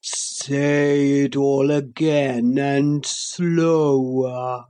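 A huge, lazy storybook sloth drags out every word in a deep, drowsy drawl, as a woman reader puts him on. His voice is sleepy and slobbery, much lower than her own, and he talks as if he can barely stay awake. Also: flat delivery, mellow, exaggerated voice. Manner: very slow, drowsy, demanding. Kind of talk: storybook reading.

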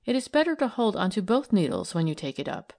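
A woman voicing a calm, kindly young woman detective who speaks gently and earnestly. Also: medium pitch, fast, creaky.

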